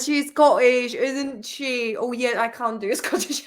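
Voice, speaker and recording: A woman's voice: on the high side, fairly even intonation, a little slow, creaky, hardly any pauses. A woman teaching English in casual chat at her home desk, chatty and echoing words, congested with a cold. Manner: chatty, echoes words and laughs often. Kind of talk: casual chat while studying.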